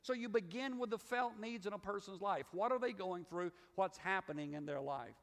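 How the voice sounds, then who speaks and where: A middle-aged pastor from the Southern United States gives a folksy, conversational sermon in a Southern accent, often circling back and restarting phrases. His voice is fairly high for a man, with a fairly bright tone and a normal pace. The church sanctuary leaves a long reverb tail on the sound.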